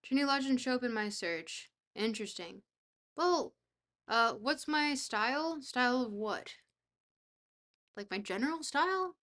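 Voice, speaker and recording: A young woman streaming a geography guessing game, reacting excitably, swearing freely and talking to her chat. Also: a little high, measured pace. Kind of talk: casual live-stream chat while playing a geography game.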